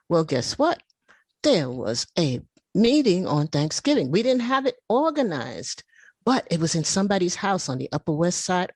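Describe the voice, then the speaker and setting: A woman in her seventies sharing her personal recovery story at a meeting, telling it in an animated, emotional way. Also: lowish voice, no echo. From United States. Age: 70s. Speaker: meeting speaker. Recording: video call audio.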